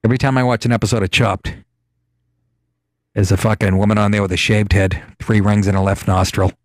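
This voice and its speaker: A man's voice: fairly low pitch, flat delivery, brisk, dry recording, clean studio sound. A middle-aged man hosting a comedy talk show, ranting sarcastically with profanity and frequent laughs. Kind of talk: comedic radio show banter.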